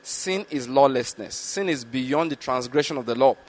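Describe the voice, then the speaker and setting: A man preaching a Bible teaching sermon, reading scripture slowly and deliberately and often checking that his listeners follow. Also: medium pitch, expressive. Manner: checks in with listeners with repeated questions.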